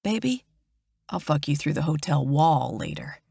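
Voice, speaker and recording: A woman's voice: deep voice, big pitch swings, vocal fry, dark tone, slightly rough, no echo, clean studio sound, full character voice. Woman reading a growly possessive biker boyfriend. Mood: teasing. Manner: growly, commanding, quick.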